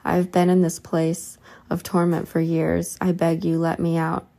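A damned man pleads desperately for release, as a woman reader voices him plainly. The delivery is low and even, with a dark, gravelly tone. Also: normal speed. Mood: pleading. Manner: begging, desperate pleas.

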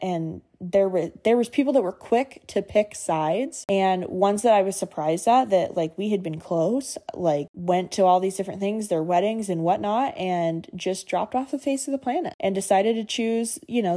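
On her solo podcast, a twentysomething woman speaks in a warm, mid-range voice. Her talk is frank and sincere, coming from the heart, with the odd casual curse word.

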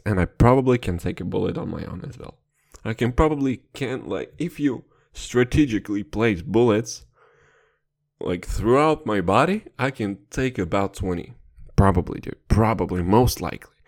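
A man's voice: on the low side, animated, normal speed, creaky, darkish tone. A young man hosting a podcast, speaking English as a second language, rambling crudely, swearing constantly and laughing at his own jokes, right up against a close microphone. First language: not English. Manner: profane, rambling, playful, laughs a lot. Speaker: podcast host. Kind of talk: crude comedic podcast rant.

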